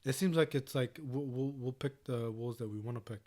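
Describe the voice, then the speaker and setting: A young man with a New Zealand accent chats on a podcast, telling a story with plenty of swearing and acted-out quotes. His voice sits at an ordinary pitch and is recorded dry and close. There is no room sound around it. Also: a little fast, dry recording. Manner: animated storyteller, swears a lot, acts out quotes. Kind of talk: casual podcast chat.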